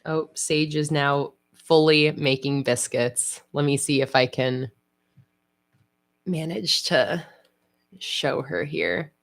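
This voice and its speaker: Slow-talking, low-voiced woman streamer. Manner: chatty, relaxed, lots of "like". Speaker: livestream host. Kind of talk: casual livestream chat while planning.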